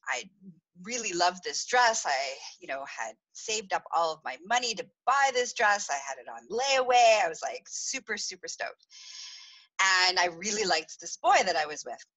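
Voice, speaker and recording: A woman's voice: fairly low pitch, animated, moderate pace, fairly bright tone, low-quality recording. A woman hosting a podcast, telling a personal story in a confessional way, giggling and acting out dramatic moments. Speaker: podcast host.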